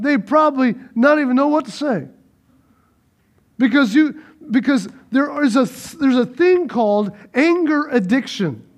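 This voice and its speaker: A man preaching a sermon, swinging between loud urging and soft hushed lines, repeating phrases and calling out to the congregation. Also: very high voice, expressive, moderate pace, highs cut off.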